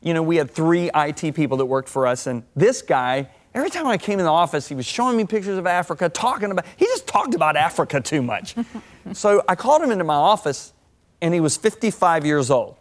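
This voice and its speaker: A man in his sixties, a guest on a TV talk show, telling stories in a lively sermon-like way with big swings of voice. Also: fairly high pitch, a little fast. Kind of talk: animated storytelling sermon-talk.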